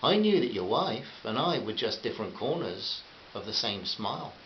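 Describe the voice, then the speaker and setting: A man voicing a kind, open-hearted older Irish woman who speaks warmly and reassuringly. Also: lowish voice, sing-song, moderate pace. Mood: gentle reassuring. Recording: muffled roomy recording with faint hiss.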